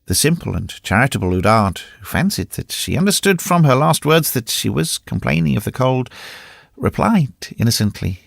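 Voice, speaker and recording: A man narrating a classic novel in a dramatic, expressive reading. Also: mid-range voice, moderate pace, creaky, no room sound, clean studio sound. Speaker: audiobook narrator. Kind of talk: scripted narration.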